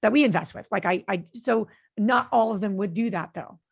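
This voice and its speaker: A woman's voice: mid-range voice, brisk, gravelly, breathy edge. A woman co-hosting a podcast, telling a story in casual conversation with an earnest manner and many fillers and restarts. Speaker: podcast co-host and real estate investor.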